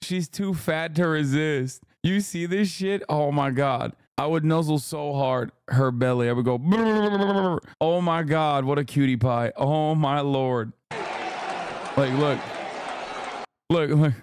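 A man riffs through casual reaction commentary, loud and profane, cracking jokes between laughs. His voice sits a little high and comes through smooth and clear. The sound is dry and close, with no room around it. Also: slow, no echo. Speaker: streamer reacting to videos.

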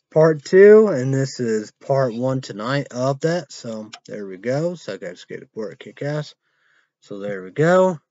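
A man's voice: lowish voice, darkish tone, dry recording, muffled recording. A man rambling and swearing through a casual vlog, trailing off into mumbles. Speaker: vlogger reviewing an energy drink.

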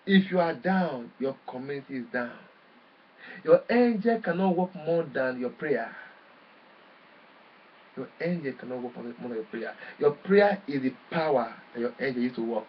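A man preaching a sermon forcefully, swinging between loud bursts and quiet drops. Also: mid-range voice, animated, moderate pace, distant mic, highs cut off, a little hiss or hum.

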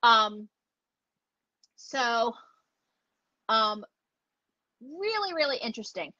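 A woman's voice: on the high side, very animated, drawn-out words, bright, forceful tone, dry recording. A woman dog trainer teaching online, chatty and enthusiastic, acting out the dogs as she explains. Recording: dull lo-fi audio.

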